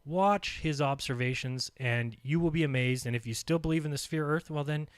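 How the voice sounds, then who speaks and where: A man with a slightly high voice, speaking at a normal speed, hosts his own channel and reacts to video clips. He talks while eating, commenting insistently and hammering his points home through emphatic repetition.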